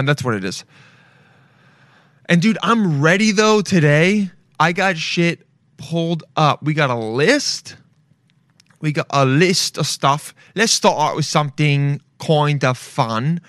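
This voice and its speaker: A young man hosting a casual solo podcast, rambling and cursing freely. His voice sits a little high for a man and jumps into loud yelps. The sound is dry and close, with no room echo. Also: measured pace. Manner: swearing, rambling, loud swings into yelling. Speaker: podcast host.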